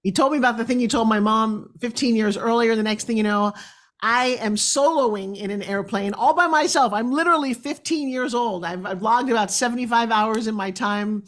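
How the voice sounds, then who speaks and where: A woman's voice: on the high side, normal speed. Enthusiastic middle-aged woman talk host. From New York. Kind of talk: casual talk show hosting.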